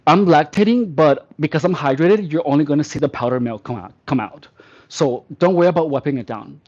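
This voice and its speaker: A man's voice: fairly high pitch, fairly quick, warm tone, dull audio. A male fitness trainer giving tongue-in-cheek workout instruction, counting reps and playing up a mock-delicate persona. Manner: mock-delicate self-praise between exercise counts.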